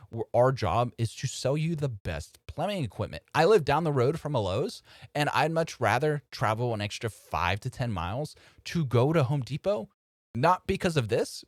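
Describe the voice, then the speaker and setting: Man host, lively up-and-down delivery, casual commentary, dry close sound. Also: medium pitch, no echo. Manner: animated and conversational, addressing viewers as folks. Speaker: host of a political commentary channel.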